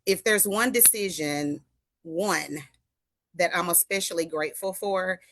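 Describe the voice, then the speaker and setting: An older woman answers interview questions over a video call. She speaks in a composed, earnest and measured way. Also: lowish voice, a bit bright. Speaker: guest, foundation founder.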